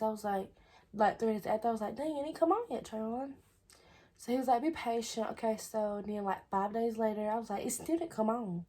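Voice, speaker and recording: A woman's voice: a little high, warm tone. A young woman, chattily telling a personal story on her vlog. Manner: chatty, repeats "I was like". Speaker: vlogger. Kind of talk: casual storytelling.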